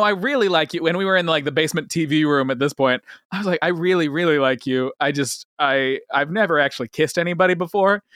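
A young man telling a story on a podcast as a guest, animated and laughing, with lots of fillers and restarts. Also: fairly high pitch, dry recording, studio quality. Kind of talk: casual storytelling chat.

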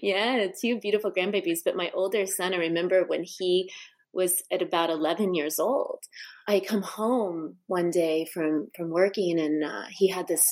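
A woman's voice: fairly low pitch, moderate pace, a little mellow. A middle-aged woman telling personal stories to an interviewer, heartfelt and full of restarts and asides. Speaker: guest. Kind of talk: personal storytelling in a conversation.

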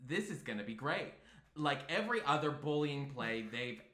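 A man's voice: medium pitch, sing-song, normal speed, sharp tone. A man reading the lines of a sarcastic teenage girl student from a script. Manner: sarcastic, dry. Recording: echoey room.

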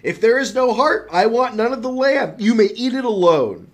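A man's voice: extremely high pitch, very animated, normal speed, pitched above the performer's own voice. A man voicing a stern, testy elderly apostle who speaks with exasperation in a comic storybook reading. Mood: indignant. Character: stern saintly old male apostle, testy.

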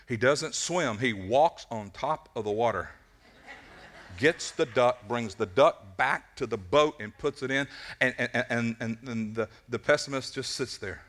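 A man preaching a sermon at a church service, telling a story in an animated way and often repeating his words as he goes. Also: medium pitch. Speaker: pastor.

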